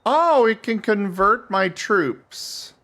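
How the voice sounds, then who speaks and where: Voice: mid-range voice, expressive, slow, pushed and bright. A streamer chatting and joking with friends while playing a strategy game. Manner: joking, reactive. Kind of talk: casual gaming chat.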